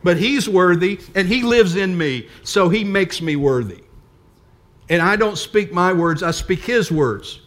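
Older male pastor preaching, higher voice. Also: lively intonation, unhurried, a bit bright. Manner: earnest preaching with emphatic repetition. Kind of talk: sermon.

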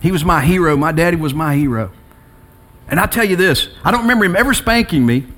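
A middle-aged man preaching a sermon as pastor, telling personal stories between quiet reflection and emphatic rises. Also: fairly high pitch, animated, fast.

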